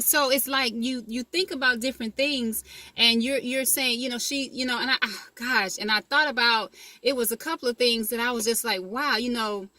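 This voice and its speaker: A woman with a high, bright voice gives a casual motivational talk, recorded dry and close. She speaks conversationally and keeps asking if you're following. She repeats her key phrases for emphasis. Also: no echo. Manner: conversational, asks "you know what I mean?" often.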